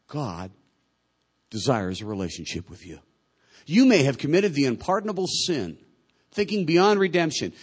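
A man preaching a sermon. His delivery is conversational and swings between hushed, slow passages and louder, quicker ones. He brings in quoted people with lively voices of their own. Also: a little high. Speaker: pastor.

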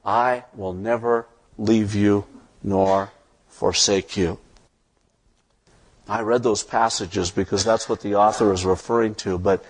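A man's voice: lowish voice, slightly rough. A male pastor preaching a sermon, reading scripture aloud and building to impassioned emphasis.

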